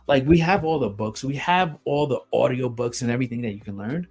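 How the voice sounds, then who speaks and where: A man's voice: mid-range voice, expressive, fairly quick, few pauses, a little mellow, breathy edge, soft background music. A man hosting a solo podcast, blunt and emphatic, swearing often and repeating himself for effect. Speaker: podcast host.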